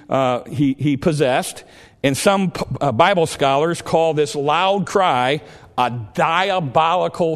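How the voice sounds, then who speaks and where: A man delivers a sermon with earnest conviction, circling back and restarting his phrases as he works through the point. His voice sits a little high for a man. It rings out with a long reverb, as if in a large hall. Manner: earnest, repeats himself and restarts often. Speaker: preacher.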